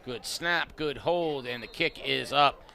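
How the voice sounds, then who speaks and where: A man calling play-by-play for a high school football game, excitable on big plays and chatty between them. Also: a little slow, vocal fry. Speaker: play-by-play announcer. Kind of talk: play-by-play sports commentary. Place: outdoor stadium press box.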